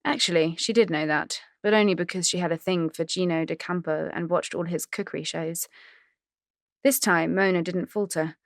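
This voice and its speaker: A woman's voice: lowish voice, steady tone, moderate pace, vocal fry, no echo, clean studio sound. A woman reading a novel aloud in wry, conversational narration. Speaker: audiobook narrator. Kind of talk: scripted narration.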